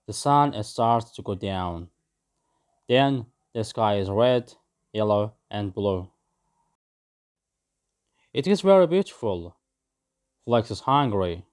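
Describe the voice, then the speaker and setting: A man reading a simple story aloud for English learners, with clear, simple phrasing. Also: lowish voice. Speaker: story narrator.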